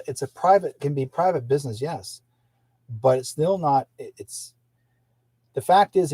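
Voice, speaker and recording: Male radio host with a husky, dry voice; casual rambling monologue. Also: fairly high pitch, dark tone, dry recording. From British Columbia, Canada. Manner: rambling, with restarts and acted-out quotes.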